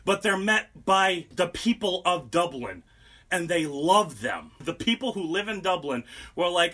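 High bright-voiced young man telling history crudely. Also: moderate pace. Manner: profane, animated, mocking. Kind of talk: casual comic history storytelling.

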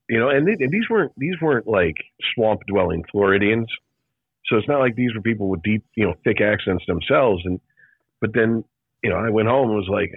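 A podcast co-host telling animated, profane stories in casual chat. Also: male voice, lowish voice, brisk, husky, dry recording. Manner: animated storyteller, profane, mocking. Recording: dull lo-fi sound.

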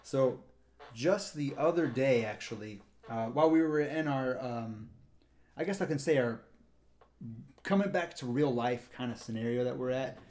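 At a normal pace, a man with a mid-range, somewhat mellow voice tells a rambling story about working as a park ranger. On the casual podcast he co-hosts, he imitates the voices of the people in the anecdote.

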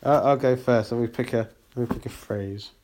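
A man's voice: mid-range voice, a little fast, a little mellow. A man co-hosting a podcast in casual chat, laughing often and stumbling over repeated words. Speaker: podcast co-host.

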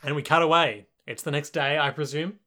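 A man's voice: fairly high pitch, brisk. A man co-hosting a casual podcast, recapping an episode and slipping into silly voices. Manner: animated, does silly character voices when retelling scenes. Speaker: podcast co-host.

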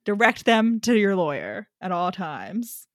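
A young woman co-hosting a podcast, recapping a book in casual chat, sweary and animated, slipping into quick voices for the characters. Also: medium pitch, no room sound, clean studio sound. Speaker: podcast co-host.

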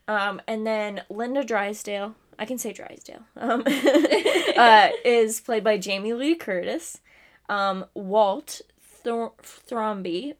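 A young woman co-hosting a casual podcast, chatty and giggly, often stumbling over names. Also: mid-range voice. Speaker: podcast co-host. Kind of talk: casual chat.

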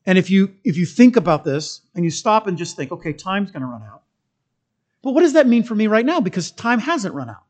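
A male pastor giving a sermon in a church. He is emphatic and conversational, moving between strong stresses, quiet asides and humorous stories. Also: sits high, very animated, fairly quick.

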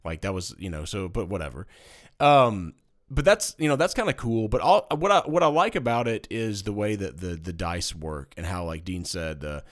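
Lively low-voiced man chatting games. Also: normal speed. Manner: animated, jokey, rambling explanations. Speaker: board game podcast co-host. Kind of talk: casual chat. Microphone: studio microphone.

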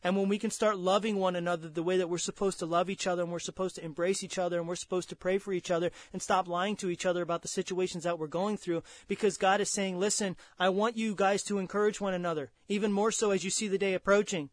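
Fervent high-voiced male preacher. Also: steady tone, quick pace, few pauses, no echo. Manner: fervent, repeats words, rises in pitch and volume when pressing a point. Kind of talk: sermon.

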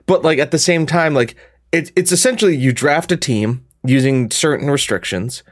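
A man co-hosting a podcast in casual chat, rambling with many restarts and quick asides. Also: fairly high pitch, dry recording, studio quality. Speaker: podcast co-host and gaming video creator.

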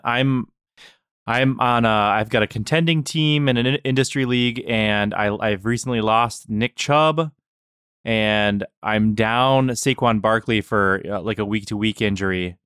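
A man's voice: lowish voice, unhurried, fairly bright tone, clear, resonant tone, no echo, studio quality. A man co-hosting a podcast in casual chat, joking and self-deprecating, hesitating with fillers. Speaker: podcast co-host.

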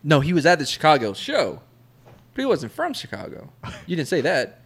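A man co-hosting a podcast, teasing his friends and cutting in with questions. His voice swoops up and down a lot. It has a gravelly edge and sits a touch high for a man. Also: huge pitch swings, normal speed. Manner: incredulous, teasing, interrupting. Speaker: podcast co-host. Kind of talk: casual chat.

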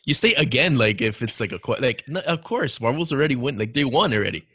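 A man with a bright, forward voice co-hosts a casual podcast, talking haltingly and padding his sentences with fillers. He sits at an ordinary, middling pitch. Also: lively intonation, husky. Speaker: podcast co-host. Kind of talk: casual chat.

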